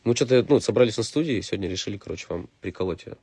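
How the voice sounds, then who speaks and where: Brief: Russian-accented male stream host, low gravelly voice, breathy edge, loose and profane. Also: expressive, very fast, warm tone, dry recording. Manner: loose and profane, laughs often. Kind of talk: casual livestream chat. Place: recording studio.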